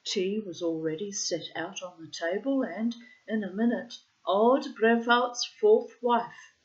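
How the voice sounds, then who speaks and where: Slow, measured woman reading a story. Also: mid-range voice, highs cut off. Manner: measured, unhurried storytelling with quoted dialogue. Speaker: reader. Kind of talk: audiobook narration of a short story.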